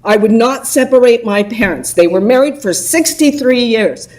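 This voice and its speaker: A woman's voice: fairly high pitch, normal speed, a little mellow, poor audio. A woman speaking emotionally and indignantly during public comment at a city council meeting.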